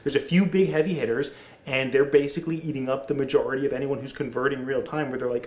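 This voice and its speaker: A man co-hosting a podcast, talking casually in a rambling, energetic way in an office conference room. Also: medium pitch, fast, reverberant. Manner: rambling, energetic, restarts often. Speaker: podcast co-host.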